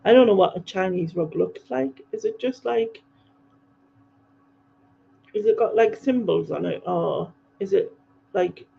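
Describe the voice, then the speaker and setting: A woman's voice: medium pitch, a little slow, vocal fry, long pauses, husky. A woman hosting a livestream, casually rambling through viewer comments with frequent ums and laughs. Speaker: livestream host. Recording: dull lo-fi livestream audio.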